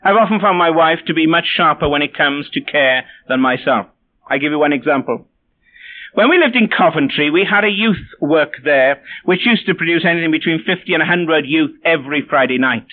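Male preacher with a high voice, wry and self-mocking as he tells his stories, captured on a narrow, phone-like line. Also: brisk. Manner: wry, self-deprecating storytelling. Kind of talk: sermon with personal anecdotes. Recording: tinny phone-like sound.

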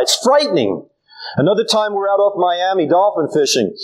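An older man preaching a sermon, animated and folksy, telling stories with humor. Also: high voice, low-quality recording. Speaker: pastor.

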